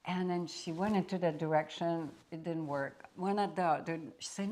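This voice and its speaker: A woman spiritual teacher telling a parable at a satsang in a deliberate storyteller's manner. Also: lowish voice, steady tone, darkish tone.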